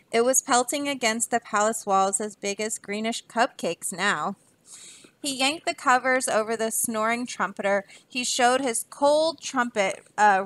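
A woman, a teacher, reading a children's storybook aloud with lively expression. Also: fairly high pitch, no room sound.

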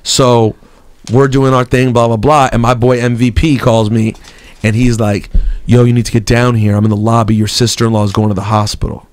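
A man's voice: medium pitch, flat delivery, brisk, a little mellow. A man hosting a casual morning radio show, telling a story in a joking way and doing the voices of the people in it. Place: radio studio.

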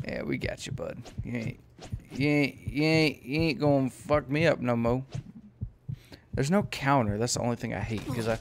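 A man's voice: mid-range voice, normal speed, slight background noise. A man giving playful, profane gameplay commentary with lots of laughter. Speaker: let's play host.

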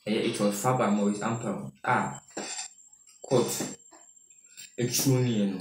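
A man's voice: on the low side, darkish tone, distant mic, a little hiss or hum. A man with a Ghanaian accent presenting news commentary, reading out quoted statements and then explaining them. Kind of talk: news commentary mixing Twi and English. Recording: roomy echo from off-mic, faint ambience.

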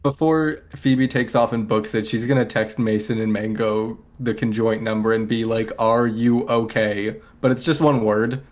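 A man's voice: fairly low pitch, fairly even intonation, moderate pace, hardly any pauses, darkish tone. A man playing a tabletop game, casual and joking. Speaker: player. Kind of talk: tabletop role-play.

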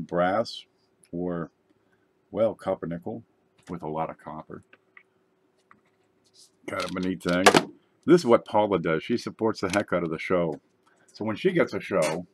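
A man hosting his channel, chatting casually and joking while opening mail. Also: low-pitched. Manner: joking, rambling, tall tales. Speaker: YouTube channel host. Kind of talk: casual unboxing chat.

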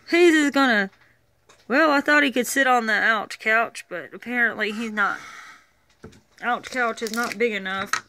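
A woman's voice: on the high side, measured pace, long pauses, bright, forceful tone. A woman chatting casually as she unboxes toys, rambling and thinking aloud. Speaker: toy reviewer.

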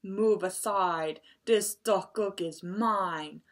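A woman voicing a greedy, selfish male tiger in a children's story, drawing out his lines slowly and loudly. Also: mid-range voice. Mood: menacing. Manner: slow, drawn-out menacing lines.

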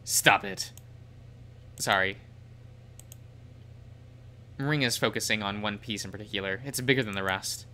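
Bright-voiced man reading a visual novel. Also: on the low side, quick pace, hardly any pauses, slight background noise. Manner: plain narration with fillers. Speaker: game reader.

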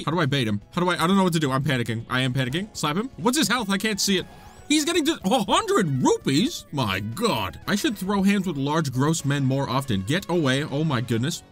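A young man giving playful, dramatic let's-play commentary, trash-talking enemies and panicking in bursts. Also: on the high side. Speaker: gaming YouTuber. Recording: faint game music behind. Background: game music.

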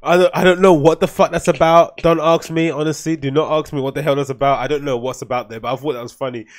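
A man talks through his solo podcast in a loose, rambling way, swearing freely and laughing at what he finds. His voice sits a little higher than most men's. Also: fairly even intonation, quick pace. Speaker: podcast host.

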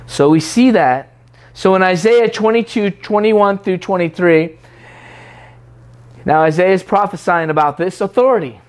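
A man's voice: sits high, a little slow. A man preaching a sermon in a conversational way, teasing and mimicking what others say in prayer.

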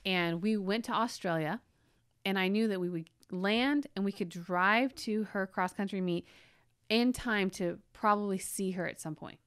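A woman in her forties shares a family story on a parenting podcast, with lively, emotional delivery and frequent restarts. Her voice is mid-pitched and recorded dry and close, with no room sound. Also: normal speed, clean tone, no room sound. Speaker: podcast co-host. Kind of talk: casual storytelling chat.

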